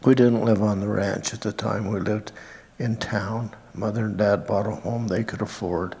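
An older man from Utah giving a halting family tribute at a memorial and reading scripture aloud. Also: on the low side, fairly even intonation, vocal fry, darkish tone. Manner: halting, with frequent pauses and fillers. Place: church sanctuary. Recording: reverberant church hall.

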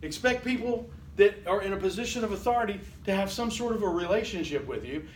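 A man's voice: high-pitched, animated, fast talker, a little mellow. An older man lecturing a college class in a conversational way, often checking in with "Okay?" and quizzing the students. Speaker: college instructor. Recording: echoey classroom from far off, faint hiss.

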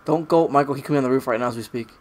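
A man with a sore throat, playing a video game with a friend and joking, yelling when startled. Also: medium pitch, racing, soft background music. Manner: joking, shouts in panic. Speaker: gamer. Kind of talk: casual gameplay chat.

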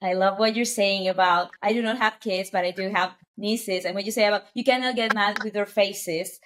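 A woman's voice: mid-range voice, steady tone, moderate pace. A woman hosting a casual interview, affirming her guest with frequent "mm-hmm" and "oh my". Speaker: interviewer, host.

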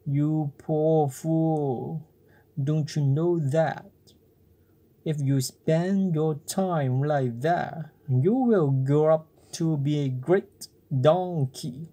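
A reader voicing a patient, wise old talking cricket who lectures calmly in a bedtime storybook reading. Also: medium pitch, drawn-out words. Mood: pitying. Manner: calm, lecturing.

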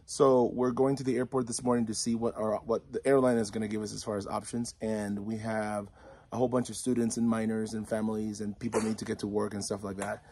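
A man's voice: lowish voice, flat delivery, fast, dark tone, slight background noise. A man who is a youth pastor, earnestly asking for prayer in a casual, reassuring way. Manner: earnest, reassuring, faith-focused. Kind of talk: casual spoken prayer request.

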